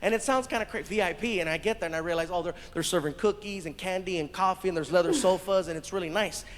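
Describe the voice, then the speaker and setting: A man doing stand-up, telling a story with lively voices for the people in it and laughing as he goes. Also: high-pitched, quick pace. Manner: animated storyteller acting out others' voices, laughing. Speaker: stand-up comedian. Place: live comedy stage. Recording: live show played back in a hall, audience noise.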